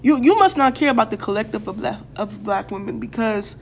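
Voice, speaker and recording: High-voiced young woman ranting bluntly. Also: a little fast, slight background noise. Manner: blunt, profane, repeats words for emphasis; fired-up, addresses viewers directly. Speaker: vlogger. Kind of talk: casual opinion rant to camera.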